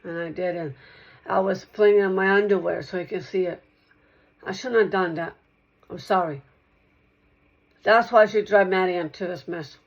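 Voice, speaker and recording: Soft, rambling woman on a dull recording. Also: on the low side, normal speed, pauses often. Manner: repetitive, circling back over the same points, soft-spoken. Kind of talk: rambling spoken monologue to one listener.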